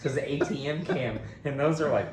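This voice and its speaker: A man's voice: fairly high pitch, a little fast, echoey room, a little hiss or hum. A man co-hosting a podcast, telling a story in casual chat, laughing often and acting out the voices of the people in it. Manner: animated, laughing, mimics voices in quotes. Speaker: podcast co-host.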